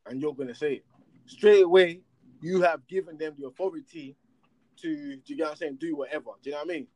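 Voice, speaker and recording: A man rants in a casual chat, firing off rhetorical questions in street slang. His voice sits high and lively. The sound is dry and close. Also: fast, dry recording. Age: adult with children.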